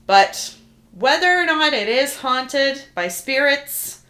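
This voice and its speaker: Woman cohosting a podcast, laughs a lot, bright voice. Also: high voice, expressive, slow pace. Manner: chatty, laughs often. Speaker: podcast co-host. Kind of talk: casual chat.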